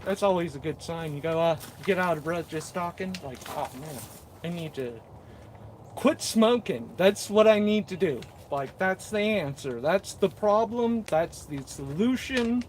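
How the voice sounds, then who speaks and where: A man's voice: sits high, lively intonation, normal speed, few pauses, a little hiss or hum. A man chatting casually on a live stream while working, reading viewer comments aloud and joking about himself, short of breath. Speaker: mushroom grower streaming live. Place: indoors at a mushroom-growing workspace. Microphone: camera set up nearby, moves in and out of frame.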